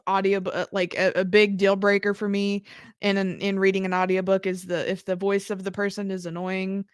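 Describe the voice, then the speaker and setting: A woman co-hosts a live radio podcast and keeps restarting her phrases as she talks. Her pitch sits in the middle, and the recording is dry and close. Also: level tone, a little fast, clean tone, no echo. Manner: hesitant, stop-start, many restarts. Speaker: podcast co-host. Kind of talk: casual live radio chat.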